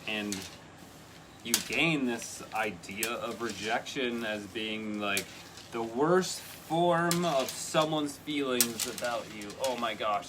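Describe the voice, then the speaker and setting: A man giving a live tarot reading, chatty and earnest, with sudden excited bursts. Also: fairly low pitch, background noise. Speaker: tarot reader.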